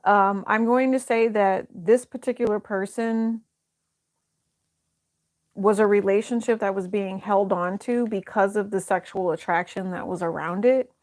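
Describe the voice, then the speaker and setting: A woman at a medium pitch talks through a tarot spread in an easygoing, conversational way. She muses aloud, trails off and circles back as she interprets each card. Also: steady tone, unhurried, a little mellow. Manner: thinks aloud, hesitant, many fillers and restarts. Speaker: tarot reader. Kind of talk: casual tarot reading to camera.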